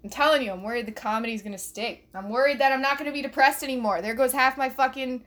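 Young woman, slightly high voice, swearing comedy rant, laughs at own jokes, bedroom, phone mic. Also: fast talker, hardly any pauses, fairly bright tone. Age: young adult. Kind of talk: solo stand-up style rant.

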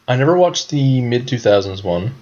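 A man's voice: mid-range voice, animated, normal speed, darkish tone. A young man co-hosting a podcast in casual chat, swearing often and laughing a lot. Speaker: podcast co-host. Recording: dull lo-fi sound.

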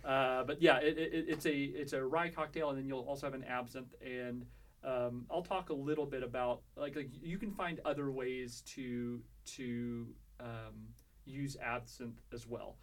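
A man's voice: medium pitch, fairly even intonation, unhurried. Man walking through cocktail recipes. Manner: explains recipes step by step with many fillers and restarts. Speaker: cocktail podcast co-host. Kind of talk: casual chat.

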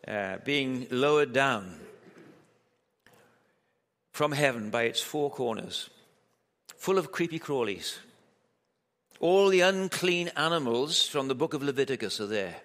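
A man's voice: medium pitch, lively intonation, takes it slowly, pauses often, a bit bright. A man preaching a sermon at a church camp in a conversational, joking way, asking his listeners lots of rhetorical questions. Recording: echoey hall with long reverb.

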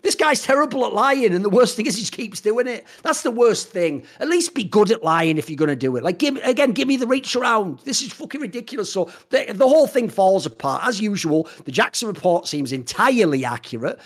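A man's voice: sits high, expressive, brisk, hardly any pauses. A British man on a podcast, ranting in a heated, profane, mocking way, often slipping into impressions of other people. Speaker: podcast co-host. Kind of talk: heated casual podcast rant.

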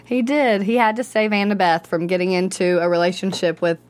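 A woman hosting a casual panel chat about a TV episode, bubbly and quick to laugh. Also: mid-range voice, steady tone, a little mellow. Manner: bubbly, chatty, laughs easily. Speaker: host.

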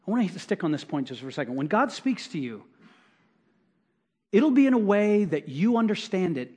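A middle-aged male pastor preaches a sermon in a high, slightly breathy voice. His delivery stays conversational as he acts out short quotes and drives his points home by repeating them.

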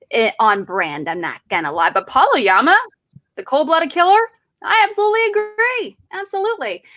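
A woman's voice: a little high, sharp tone, no echo. A woman hosting a comedic debate show, upbeat and chatty, often laughing. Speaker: host.

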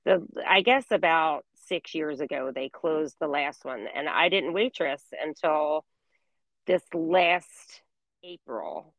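Chatty middle-aged woman, lowish voice. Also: expressive, slow pace, no room sound, highs cut off. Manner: chatty storytelling, many fillers. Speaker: guest. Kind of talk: casual chat.

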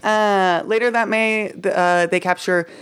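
Telling a history story in a chatty way, this podcast co-host presents her research with plenty of "like," "uh," and playful slang. Her medium-pitched voice is smooth, fairly even, and measured in pace.

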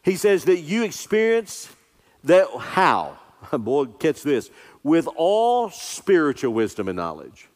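A man preaching an earnest, emphatic sermon as a pastor, slowing down to stress scripture. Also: on the high side, wildly swooping pitch. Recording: long reverb of a large hall.

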